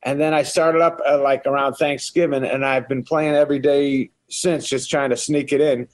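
Halting man, dry close sound. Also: medium pitch, steady tone, dry recording. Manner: halting, restarts a lot. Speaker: actor guest. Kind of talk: casual radio interview.

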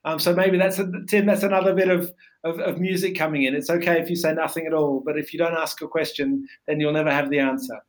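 A man's voice: on the high side, steady tone, fast, rough recording. A man from Australia, a podcast guest talking casually, with many fillers and restarts. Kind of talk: casual interview chat.

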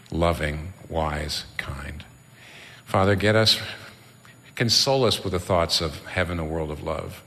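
A man's voice: deep voice, bright, forceful tone, in a large hall. A man preaching a sermon as a pastor, impassioned and rising to fervent emphasis.

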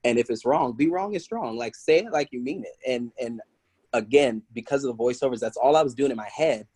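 A man speaking as a podcast guest, telling casual stories with lively energy and acting out other people's voices. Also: mid-range voice, fairly quick, husky, dry recording, low-quality recording. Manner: animated, acts out quoted voices, laughs often. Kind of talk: casual storytelling interview.

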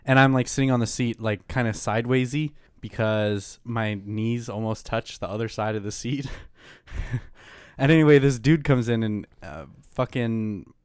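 A man's voice: mid-range voice, normal speed, a little mellow, clean tone, no room sound, studio quality. A young man casually telling a story to a friend, swearing freely, laughing often and acting out both sides. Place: indoor room.

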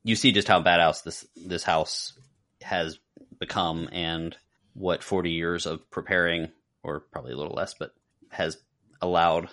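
A podcast co-host with a very low, deep voice chats casually about a film at a measured pace. He rambles, doubles back and restarts sentences, leaning heavily on filler words.

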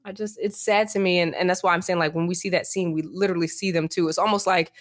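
An emphatic young woman co-hosting a casual podcast, her voice sitting a little low for a woman. She talks in an animated, slangy way and throws her opinions right out. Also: fast. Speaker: podcast co-host. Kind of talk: casual podcast chat, reading book passages aloud.

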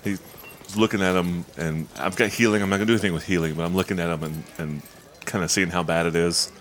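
A man's voice: low-pitched, fairly even intonation, fast talker, a little hiss or hum. A man playing in a tabletop role-playing game, joking and describing his character's actions. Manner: jokey, laughs often. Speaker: player. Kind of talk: casual tabletop play.

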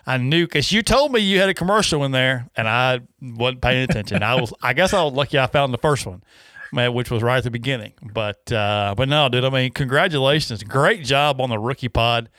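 A man's voice: mid-range voice, brisk, a bit bright, no room sound. Rambling man, dry mic. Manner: rambling, laughing, self-interrupting. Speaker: podcast host. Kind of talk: casual podcast chat.

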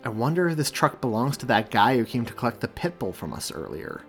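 A man voicing a calm, steady police officer in an audiobook, speaking in a reassuring way. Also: medium pitch, brisk, soft background music.

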